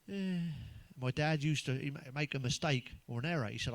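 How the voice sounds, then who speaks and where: An English man with a fairly high speaking voice fires off crude, sweary one-liners as a stand-up comic. The sound is close and dry, with no room around it. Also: animated, moderate pace, a little mellow, dry recording. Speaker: stand-up comedian. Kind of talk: stand-up joke routine.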